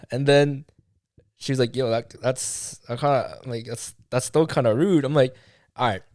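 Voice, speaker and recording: A man's voice: medium pitch, steady tone, a little slow, darkish tone, no echo, clean studio sound. A young man, a podcast co-host, telling a casual story with lots of swearing and acted-out quotes of what was said. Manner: swearing, acts out quoted dialogue, many fillers.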